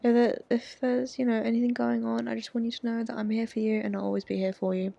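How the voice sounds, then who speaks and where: A woman's voice: fairly high pitch, little pitch movement, quick pace, creaky, warm tone, no room sound, highs cut off. A young woman streaming a dating game, chatting, swearing freely and reading the story aloud with jokey asides. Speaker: gaming streamer.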